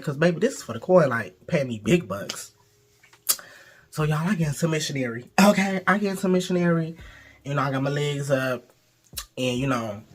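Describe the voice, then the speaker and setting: A man in a casual vlog telling a blunt, profane storytime to his viewers, animated and talking straight to them. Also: medium pitch. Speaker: storytime vlogger.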